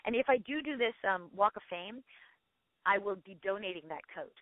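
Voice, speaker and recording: Over a dry, tinny phone line, a middle-aged actress with a mid-range voice gushes through a casual interview as a guest. She's chatty, frequently starting her sentences over and catching herself mid-thought.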